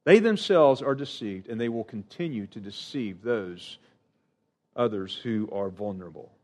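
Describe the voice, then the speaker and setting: A middle-aged man preaching a sermon, earnest and emphatic, with sudden rises in pitch and lines that trail off quietly. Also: lively intonation, normal speed.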